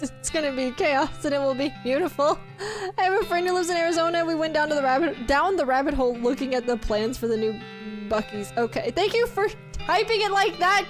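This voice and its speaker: Bubbly high-voiced woman streamer. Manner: bubbly, chatty, laughs often, teasing. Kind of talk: casual live-stream chat.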